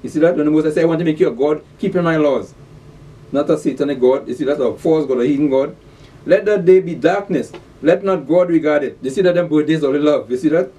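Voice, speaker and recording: Mellow-voiced preacher, a bit off-mic. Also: male voice, fairly high pitch, quick pace, distant mic. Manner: emphatic, repeats rhetorical questions and scripture verses. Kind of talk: scripture-reading sermon. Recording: voice set back from the mic.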